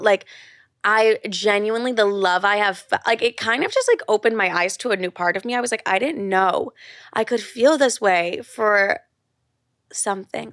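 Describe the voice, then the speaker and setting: A woman's voice: medium pitch, fairly bright tone, clear, resonant tone, no room sound, studio quality. Candid, swearing young woman podcaster. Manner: candid, gushing, swears freely, lots of "like". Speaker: podcast host. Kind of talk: casual solo podcast chat.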